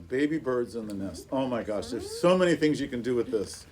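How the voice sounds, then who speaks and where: A man's voice: medium pitch, animated, brisk, hardly any pauses. A man leading a music workshop for teachers, chatting casually and breaking into playful sung rhymes for a group in a classroom.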